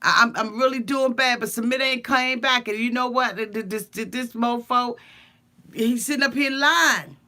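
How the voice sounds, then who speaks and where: A woman's voice: on the high side, steady tone, normal speed, hardly any pauses, bright, forceful tone. A woman giving a blunt, profane, sassy comedic recap of a reality show, stammering through her asides.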